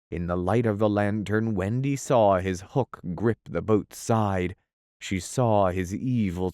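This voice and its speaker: Slow, low-voiced male audiobook narrator. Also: dark tone, no echo, studio quality. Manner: measured, storytelling. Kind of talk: scripted narration.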